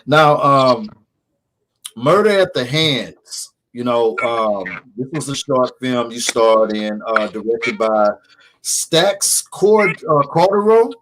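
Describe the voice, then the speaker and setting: A man's voice: medium pitch, animated, slow, fairly bright tone, rough recording. A man hosting a casual radio interview, laid-back and often chiming in with short replies. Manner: laid-back, frequent backchannels. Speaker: radio show host.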